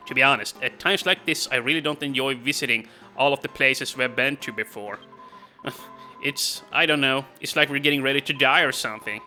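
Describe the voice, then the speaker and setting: A man talks through his game in a loose, rambling way, laughing often and filling the pauses with ums. His voice is very bright, and soft music plays faintly underneath. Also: mid-range voice. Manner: chatty, rambling, laughs often, hesitant fillers. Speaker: let's play commentator. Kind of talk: casual game commentary.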